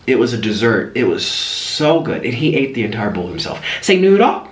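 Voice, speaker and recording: A young man chatting casually while eating, in a food vlog, excitable and chatty between slurps. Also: fairly low pitch, moderate pace. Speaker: food vlogger. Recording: echoey room with faint hiss.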